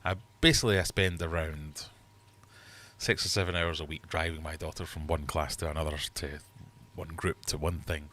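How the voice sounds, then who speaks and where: A man's voice: very deep voice, fairly even intonation, normal speed, sharp tone. A middle-aged man hosting a casual livestream quiz from his fish room, chatty and jokey as he reads out questions and scores. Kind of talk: casual live quiz chat.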